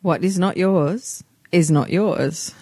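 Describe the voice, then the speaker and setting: A woman's voice: on the low side, slow pace, dark tone, husky. A woman co-hosting a podcast, chatting casually about books and laughing often. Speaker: podcast co-host. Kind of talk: casual book review chat.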